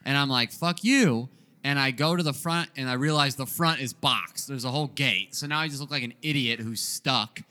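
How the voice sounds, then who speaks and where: A man's voice: mid-range voice, a little fast, hardly any pauses, pushed and bright. A man in his twenties telling a rambling, profane story in a casual comedic chat. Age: 20s.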